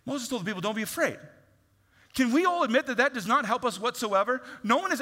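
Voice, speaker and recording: Man preaching, animated, bright voice, long hall reverb. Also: extremely high pitch, quick pace. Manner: animated, acts out voices and swings from loud to hushed. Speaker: pastor. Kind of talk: sermon.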